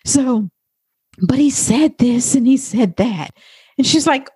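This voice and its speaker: Woman podcast coach, husky and dry-sounding, swings widely in pitch, slow and swearing freely. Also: no echo. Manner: animated, profane, acts out quoted talk in a high voice. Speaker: life coach and podcast host. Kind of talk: motivational podcast monologue.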